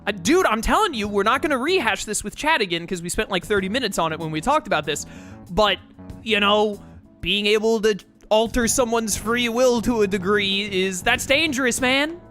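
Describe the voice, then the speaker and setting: A man's voice: sits high, normal speed, pushed and bright, soft background music. A man giving rambling, casual commentary while playing a game, filling his talk with "like.". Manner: rambling, heavy use of "like" fillers. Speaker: gameplay commentator. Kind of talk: casual let's-play commentary.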